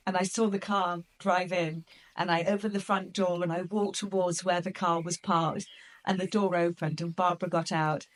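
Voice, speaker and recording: A woman's voice: on the low side, normal speed. Chatty woman podcast host. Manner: chatty, excitable, many fillers. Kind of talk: casual storytelling to listeners.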